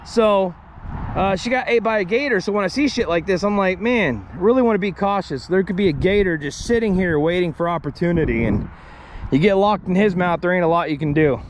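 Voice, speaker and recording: Man, excitable, swears a lot, high voice, outdoor camera mic, faint traffic. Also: a little fast. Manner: excitable, swears freely, chatty asides. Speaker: paranormal explorer vlogger. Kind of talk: walking vlog narration to the camera.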